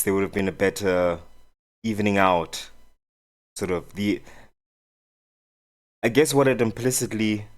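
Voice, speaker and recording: South african guy, really low voice, slow careful podcast talk with lots of ums. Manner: measured, hesitant, reads out search results. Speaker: podcast co-host. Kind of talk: casual discussion.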